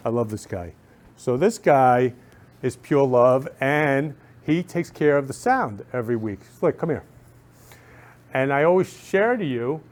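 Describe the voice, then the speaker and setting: A man hosting a talk show from a studio, gushing with affection as he keeps telling people he loves them. He speaks at an average pitch, and his delivery is repetitive and effusive. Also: a little mellow.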